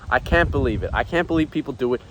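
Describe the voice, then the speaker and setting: A man's voice: fairly low pitch, expressive, moderate pace, slight background noise, lightly acted. A man doing a smug macho influencer. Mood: worked up. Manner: blunt boastful ranting. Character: arrogant macho male influencer, impression. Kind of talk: amateur comedy skit.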